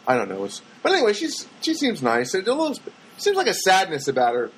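A man talks straight to his audience in a loose, wandering monologue about his errands. His voice sits high for a man and is a little husky. It leaps up and down as he acts out what everyone said. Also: fast talker, poor audio. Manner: rambling, animated, acts out voices of people he quotes. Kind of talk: casual storytelling monologue.

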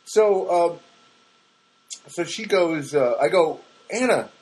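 A man's voice: on the high side, expressive, slow, a little mellow, low-quality recording. Rambling, exasperated male podcaster. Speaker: solo podcaster. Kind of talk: casual monologue. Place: small studio apartment, alone.

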